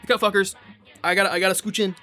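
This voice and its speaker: Rambling young man, bright voice. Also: high voice, flat delivery, rapid-fire, soft background music. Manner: rambling, swears a lot, many restarts and fillers. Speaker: gaming vlogger. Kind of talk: casual chat while gaming.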